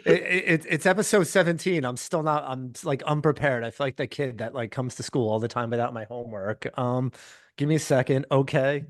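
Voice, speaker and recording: A man's voice: medium pitch, fairly quick, no echo, clean studio sound. A man with a Long Island accent co-hosting a podcast, rambling and laughing at himself in casual chat. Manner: laughing, rambling, self-deprecating. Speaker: podcast co-host.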